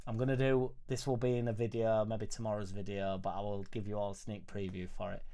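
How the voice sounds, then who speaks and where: A man's voice: on the low side, mellow. A man with a Yorkshire accent hosting a casual late-night livestream from his small home music studio, rambling cheekily and swearing freely. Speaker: football fan channel host.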